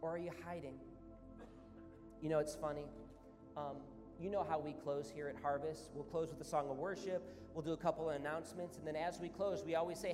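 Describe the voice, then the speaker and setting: Earnest pastor preaching in a reverberant hall. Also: male voice, fairly high pitch, fairly even intonation, a little fast. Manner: earnest, builds in intensity, conversational asides. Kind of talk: sermon. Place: church sanctuary. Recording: reverberant church hall with music.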